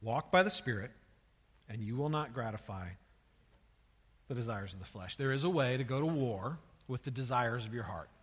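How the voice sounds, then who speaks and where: A man's voice: mid-range voice, animated, moderate pace, long pauses, husky, long reverb tail. A male pastor preaching a sermon with an emphatic manner, often repeating words and building in intensity.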